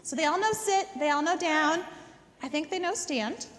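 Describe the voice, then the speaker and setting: A woman's voice: high voice, normal speed, fairly bright tone, in a large hall. A woman teaching a dog training class. She gives step-by-step instructions, repeats words for emphasis and often checks in with "okay?". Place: indoor dog training facility.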